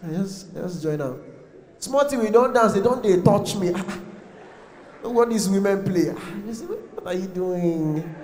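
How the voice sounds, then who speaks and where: Young Nigerian male comic, high-pitched and animated, playing to a big echoing venue. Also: moderate pace. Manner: animated storytelling mixing pidgin, acting out voices. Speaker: stand-up comedian. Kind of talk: stand-up comedy set. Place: large comedy venue with live audience. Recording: echoey hall.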